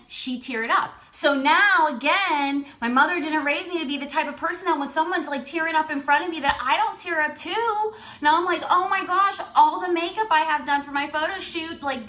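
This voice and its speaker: Bright, chatty high-voiced woman. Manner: animated, chatty, lots of "like". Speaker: lifestyle and fertility coach. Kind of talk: personal storytelling to camera.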